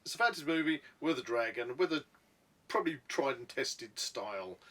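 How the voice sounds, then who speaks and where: Lively-voiced man reviewing films. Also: medium pitch. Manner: rambling, halting, laughing easily. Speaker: co-host. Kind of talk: casual movie review chat. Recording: distant mic.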